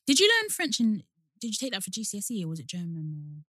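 A woman's voice: medium pitch, huge pitch swings, fast talker, a bit bright, no echo. A young woman, co-hosting a casual chat and talking easily, laughing often. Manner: chatty, laughs easily, spells out names. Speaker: podcast co-host.

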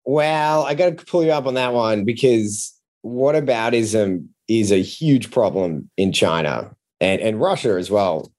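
A man's voice: lowish voice, lively intonation, measured pace, few pauses, a little mellow. A man who is not from the United States pushes back in a casual podcast chat, arguing his points. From outside the United States.

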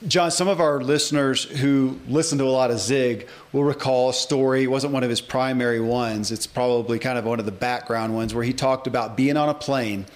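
A man's voice: mid-range voice, brisk, hardly any pauses. A man in his forties hosting a podcast interview, talking in an emphatic, rambling way with frequent restarts. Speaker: podcast host. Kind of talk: casual interview chat.

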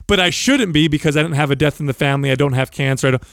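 A man's voice: fairly high pitch, racing, gravelly, a bit bright, no echo, studio quality. A man on a podcast speaking in a reassuring, encouraging and emphatic way to a friend. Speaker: podcast host. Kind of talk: candid podcast conversation.

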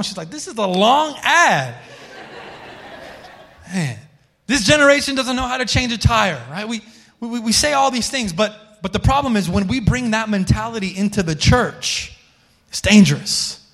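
A pastor in his thirties delivers a sermon with a notably high voice. He talks loosely and jokes with the congregation, often restarting his sentences. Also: a bit bright. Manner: conversational, joking, many restarts.

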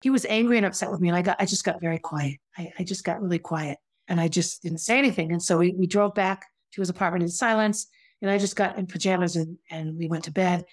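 A fast-talking woman with a lowish voice tells her own story in a frank, conversational manner. She is reflective and confessional, frequently starting sentences over and adding asides.

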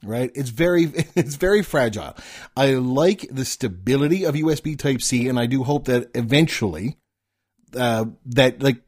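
Husky-voiced easygoing male co-host. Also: medium pitch, moderate pace, a little mellow. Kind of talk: casual tech chat.

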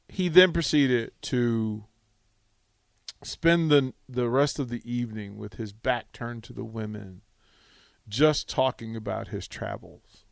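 Radio host guy spinning a rambling story, kinda gravelly, dead dry mic. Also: medium pitch, slow pace, dry recording. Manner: rambling, animated anecdote with restarts. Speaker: radio talk show host. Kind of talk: storytelling on a sports radio show.

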